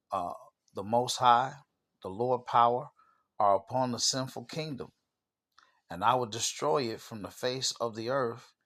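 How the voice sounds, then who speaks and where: A man's voice: medium pitch, a bit bright. A man hosting his own channel, preaching an informal sermon and reading scripture, emphatic and stopping often to say "all right" and "okay".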